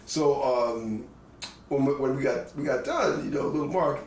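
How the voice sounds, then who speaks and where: A man telling stories as a guest musician in a casual interview, animated and laughing, with halting restarts, recorded in a living room. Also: mid-range voice. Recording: roomy, distant mic, faint noise.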